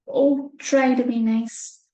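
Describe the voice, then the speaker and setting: A woman's voice: fairly high pitch, steady tone, takes it slowly, mellow, roomy sound. A woman doing a timid, whimpering lion. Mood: pleading. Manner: whimpering, pleading. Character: timid frightened male lion.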